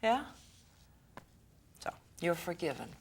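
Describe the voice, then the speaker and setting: A woman with a somewhat low voice gives a relaxed talk on raising children, in the manner of a school director. She keeps it chatty, pausing to check in with her listeners, and slips into the voices of the people in her anecdotes. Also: vocal fry, slight background noise. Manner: conversational, checks in with the audience and laughs often; acts out the people in her stories. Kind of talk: lecture to parents.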